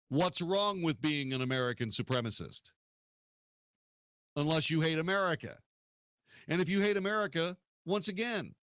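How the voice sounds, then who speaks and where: A man hosts a political talk radio show, arguing combatively through rhetorical questions. His voice sits a bit high for a man, and the recording is dry and close. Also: a bit bright, no echo.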